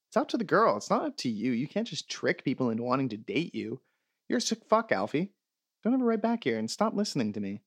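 A podcast host with a gravelly, mid-range voice reads listener emails aloud on his comedy show and answers them with sarcastic, profane mock rants. The recording is dry.

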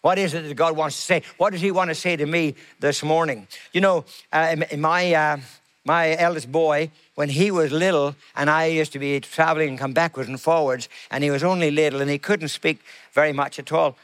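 Middle-aged male pastor, high voice, slow emphatic sermon delivery. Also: fairly even intonation, fairly bright tone, clear, resonant tone. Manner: slow emphatic preaching with repeated phrases.

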